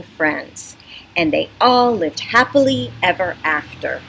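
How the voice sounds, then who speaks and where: A woman librarian with a fairly low, slow, creaky voice and a breathy edge reads a picture book aloud to children on a front porch. She sounds animated and teacherly as she coaxes her young listeners through storytime. The rough recording comes from a computer webcam, with neighborhood sounds in the background.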